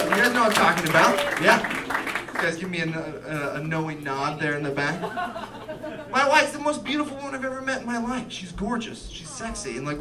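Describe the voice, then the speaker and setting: Stand-up comic, man, high voice, animated, loud laughing crowd. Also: far from the mic. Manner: animated, acts out voices in quick bursts. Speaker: stand-up comedian. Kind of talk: stand-up comedy set. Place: comedy club stage with live audience. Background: audience laughter.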